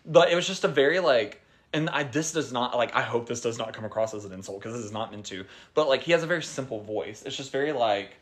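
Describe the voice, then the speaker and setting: A woman's voice: rumbling low, animated, fast talker. A young woman co-hosting a podcast, rambling and giggly, with many "like"s in her casual talk. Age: young adult. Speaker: podcast co-host. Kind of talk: casual chat.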